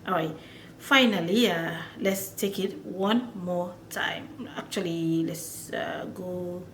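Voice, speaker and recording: A woman teaching pronunciation in a casual lesson, chatty and repeating words slowly with many fillers. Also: on the low side. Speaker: language teacher. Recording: echoey room with faint noise.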